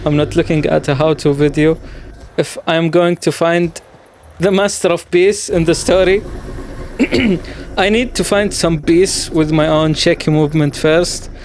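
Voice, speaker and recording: A man's voice: on the high side, a little hiss or hum. A man hosting a gaming channel, talking over his gameplay in a reflective, musing way, with the odd playful exclamation.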